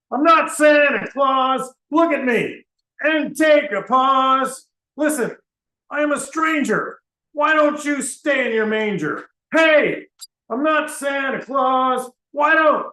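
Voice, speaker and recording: A man puts on a cranky old man with a beard and a cane, sick of being taken for Santa. He rants and shouts in a singsong, very high and piercing. The voice rings around an echoey room. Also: slow pace, heavily acted. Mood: ranting singsong. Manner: exasperated, ranting, shouts in a singsong. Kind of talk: comedic character monologue.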